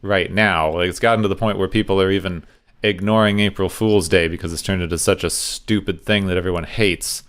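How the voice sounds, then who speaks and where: A man co-hosts a casual podcast, sharing bits of trivia in an easygoing way. His voice sits on the low side. It sounds smooth and clear. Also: a little fast. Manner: relaxed, recounts trivia with fillers. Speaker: podcast co-host.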